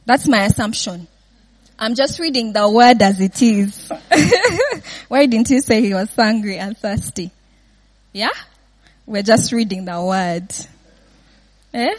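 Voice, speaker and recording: A woman's voice: a little high, animated, slow pace, pauses often. A woman giving an informal Bible teaching, often laughing and checking in with her listeners with "yeah?" and "right?".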